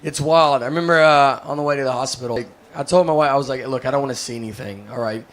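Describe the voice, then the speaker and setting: Rambling deadpan stand-up comedian. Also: male voice, mid-range voice, fast. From United States. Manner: rambling deadpan storytelling with many fillers. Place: stage before a laughing audience.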